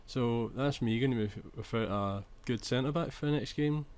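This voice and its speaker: A man's voice: mid-range voice, normal speed, a little mellow, clear, resonant tone. Chatty young man gaming. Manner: chatty, swears when annoyed, trails off and restarts. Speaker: gaming commentator. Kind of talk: video game commentary.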